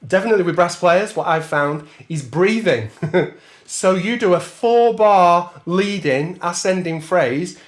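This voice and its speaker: A man teaching a trombone masterclass, chatting casually, laughing often and scatting rhythms as he counts bars. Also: fairly high pitch. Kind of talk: masterclass talk with sung counting.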